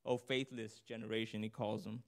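A man's voice: fairly low pitch, level tone, normal speed, creaky. A man giving an informal, earnest sermon, reading scripture aloud and talking through it conversationally, his voice rising on points of emphasis. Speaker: preacher.

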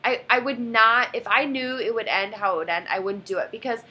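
A woman in her twenties telling a personal story in casual chat, animated and quoting others dramatically. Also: fairly high pitch, fairly quick.

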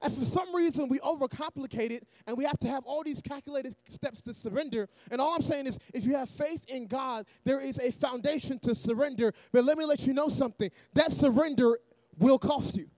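A man preaching a sermon in a church, energetic and often shouting, with joking asides to the congregation. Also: extremely high pitch, brisk, no echo.

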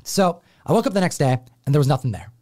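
A man's voice: on the high side, fast talker. A man from Buffalo, New York, hosting a comic book show and telling a family story in casual chat, acting out the voices of his relatives. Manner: animated, acts out family voices.

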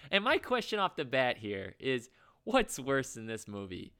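Bright-voiced chatty podcast host. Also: male voice, mid-range voice, huge pitch swings, a little slow, clean tone. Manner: chatty and rambling, with frequent fillers and laughs. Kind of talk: casual chat.

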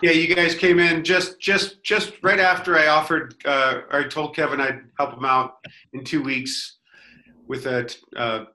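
Bright-voiced deadpan man, echoey room. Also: on the high side, unhurried. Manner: deadpan crude jokes. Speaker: podcast panelist. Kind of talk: casual comedic banter.

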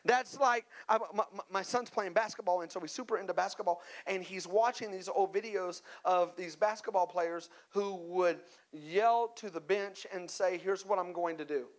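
A man with a notably high voice delivers a sermon, building to emphatic peaks and calling out to the room. He slips into casual asides between points and often repeats a word as he restarts. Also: moderate pace, hardly any pauses. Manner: emphatic preaching with call-outs to the congregation; conversational asides and repeated words. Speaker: pastor.

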